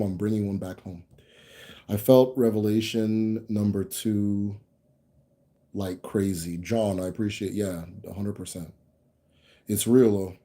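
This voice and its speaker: A man's voice: fairly low pitch, dark tone. A young American man hosting a casual livestream, reading viewer comments and rambling with restarts and laughs. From United States. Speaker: channel host answering viewer comments.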